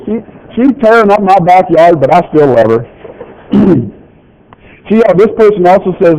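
A man's voice: sits high, sing-song, normal speed, dark tone. A middle-aged man, a pastor, chatting folksily with his congregation, reading out children's notes and tossing questions back to the room. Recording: dull lo-fi church recording.

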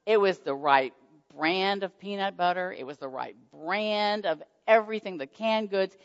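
A woman telling a personal faith testimony in an animated storytelling manner. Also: medium pitch, moderate pace. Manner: animated storytelling, squealing excited quotes. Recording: dull muffled sound with long hall reverb.

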